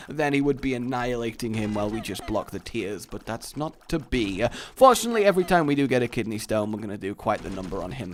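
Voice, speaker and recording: Lively joking man narrating a game. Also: mid-range voice, slight background noise. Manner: joking, talks to game characters, lively swings in loudness. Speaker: gaming commentator. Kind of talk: let's play commentary.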